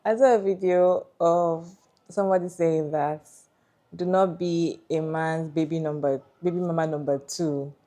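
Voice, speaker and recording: A woman giving her opinion on a story, thinking aloud with frequent pauses. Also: sits low, fairly even intonation, warm tone. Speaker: commentator reacting to a story. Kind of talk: casual commentary.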